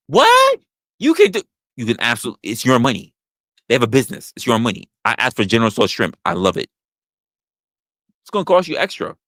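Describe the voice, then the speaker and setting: A man's voice: mid-range voice, a bit bright, no room sound. A man hosting a talk show, ranting in a profane, emphatic way and repeating his points. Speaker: podcast host. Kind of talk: opinionated casual rant.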